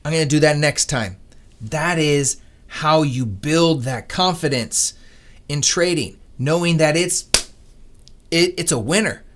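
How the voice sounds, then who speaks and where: A man hosting a live trading stream, talking to viewers in an earnest, animated, motivational way. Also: fairly high pitch, unhurried, slight background noise. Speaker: day-trading livestream host. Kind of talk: casual livestream talk.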